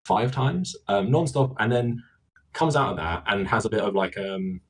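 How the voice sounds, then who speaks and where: A man's voice: on the low side, normal speed, breathy edge, low-quality recording. A man interviewing a guest, explaining at length with many fillers. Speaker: interviewer in a played clip. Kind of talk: conversational interview.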